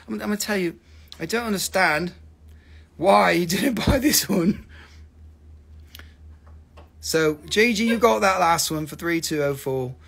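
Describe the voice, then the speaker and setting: A man's voice: high-pitched, expressive, measured pace, creaky, long pauses, fairly bright tone, slightly rough. A man hosting a live mineral sale, chatting casually with lots of swearing and rambling jokes. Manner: profane, rambling, joking. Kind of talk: casual live-stream selling chat.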